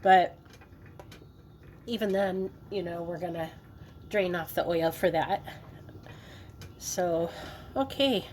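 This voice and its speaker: A woman's voice: fairly low pitch, slow, long pauses, darkish tone, slight background noise. A woman hosting a cooking video, chatting casually in a playful, joking way while she works in her home kitchen. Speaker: cooking vlogger.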